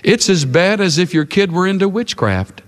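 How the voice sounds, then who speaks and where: A male preacher delivers an emphatic sermon, his voice rising and falling with lively swings of pitch. His delivery is dramatic, and each phrase trails off into the long reverb of a large hall. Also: moderate pace. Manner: dramatic and emphatic, with big swings in loudness and pace.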